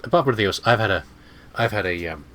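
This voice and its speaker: A man's voice: on the low side, expressive, very fast, pushed and bright. A man with a stuffy, nasal cold, rambling chattily while commentating on a game. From United Kingdom. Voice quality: nasal, blocked up. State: has a cold. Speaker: gameplay commentator. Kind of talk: casual let's play commentary.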